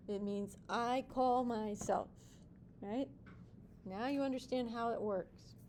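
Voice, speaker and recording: Woman Spanish teacher, high and unhurried, encouraging, playful with her students. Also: slight background noise. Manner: explains step by step with repeated check-in questions. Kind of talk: classroom teaching. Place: classroom with students.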